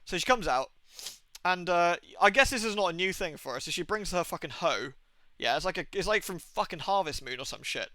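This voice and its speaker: A man's voice: high voice, a little fast, dry recording. A young man with an English accent, a game streamer telling rambling, sweary stories in casual chat. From England. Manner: rambling, sweary, animated storytelling.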